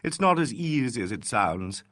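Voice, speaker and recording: A man's voice: medium pitch, big pitch swings, moderate pace, fairly bright tone, no echo, clean studio sound. A man voicing a melodramatic, self-pitying actor in a mystery audiobook, sighing and affected. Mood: wistful.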